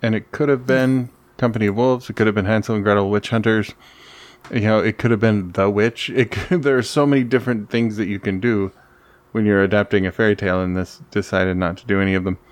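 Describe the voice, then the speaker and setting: A man's voice: lowish voice, fairly even intonation, a little fast, no echo. A man co-hosting a podcast in casual chat, ranting in an exasperated, profane way about a movie. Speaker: podcast co-host reviewing a movie.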